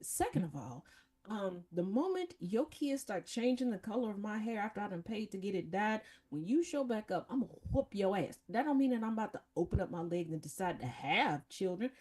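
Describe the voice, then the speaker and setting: A woman who sounds to be in her fifties hosts a casual podcast chat, speaking at a fairly quick pace with a medium-pitched voice. She tells blunt, profane family stories in an animated way, putting on mocking voices as she goes.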